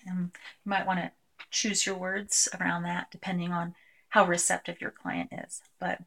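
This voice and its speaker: A woman presenting a live workshop, talking through a technique with many pauses and fillers. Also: fairly low pitch, level tone, vocal fry, a bit bright. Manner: hesitant, filler-heavy, demonstrates by voicing a client. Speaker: clinician presenting a tapping technique.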